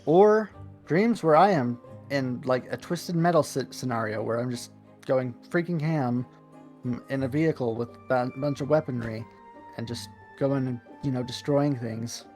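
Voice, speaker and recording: Brief: man, casual gamer chat, rambling and chuckly, mid-pitched. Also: moderate pace, darkish tone, soft background music. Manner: rambling, chuckling, many restarts. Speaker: streamer playing a city-builder game. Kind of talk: casual group chat while gaming.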